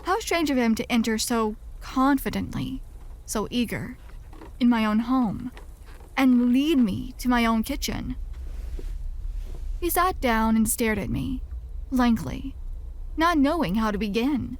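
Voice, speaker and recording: A woman reads a first-person horror story aloud in a slow, measured, scripted way. Her voice sits a bit high, and she lets each line hang. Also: animated. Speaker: story narrator.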